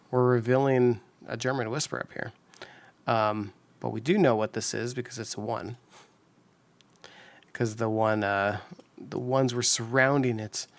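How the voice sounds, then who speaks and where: Solving on his own puzzle channel, this man offers rambling, upbeat commentary packed with fillers and restarts. His medium-pitched voice is gravelly yet clean in tone, with no echo.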